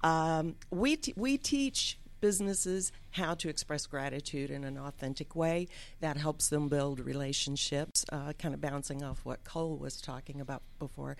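A woman sitting in as a guest on a radio talk show, telling her story with lively energy and acting out what people said. Her voice sits lower than most women's. She sounds chatty and at ease. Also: normal speed, creaky, few pauses. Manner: lively storyteller, acts out quotes. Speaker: guest, gift business owner. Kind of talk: casual interview answers. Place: radio studio.

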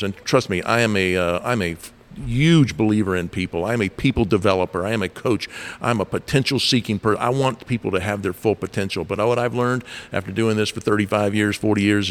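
A middle-aged man, a leadership coach, explaining ideas through lively stories and acted-out quotes in a relaxed conversational way. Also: fairly low pitch, fairly quick. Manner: animated storyteller, acts out quoted voices.

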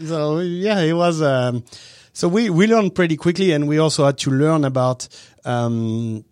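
A man's voice: on the high side, a little mellow, no echo, studio quality. A man from southern France with a French accent, a restaurant owner talking in a casual interview, searching for words and restarting often. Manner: halting, searching for words, frequent restarts and chuckles.

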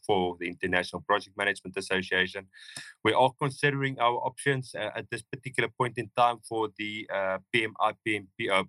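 Guest: man, booming baritone, flat delivery, bright edge, halting speech with fillers. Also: no echo. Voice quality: deep baritone voice. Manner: halting, with many fillers and restarts. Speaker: podcast guest. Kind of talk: casual interview talk.

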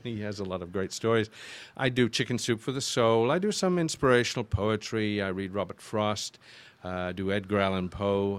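An older man with an English accent, chatting as an interview guest. His voice sits fairly low and he rambles warmly through long stories, often restarting his sentences. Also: clear, resonant tone. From Yorkshire, northern England. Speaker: guest voice actor. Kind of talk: casual interview chat.

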